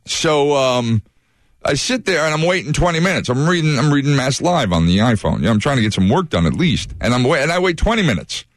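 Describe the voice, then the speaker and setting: A man's voice: mid-range voice, a little fast, no echo, clean studio sound. A man hosting a morning radio show, telling a story with energy and acting out what each person said. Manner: animated storyteller who acts out quoted voices.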